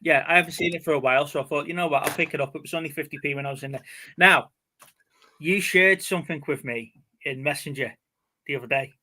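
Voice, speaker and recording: A man's voice: fairly high pitch, quick pace, sharp tone. A man hosting a casual chat about things he picked up, rambling and laughing easily. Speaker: host.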